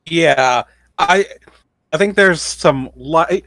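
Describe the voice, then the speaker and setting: A man's voice: a little high, drawn-out words, a bit bright, no echo, studio quality. A man co-hosting a podcast, making offhand, musing asides in casual chat. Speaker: podcast co-host.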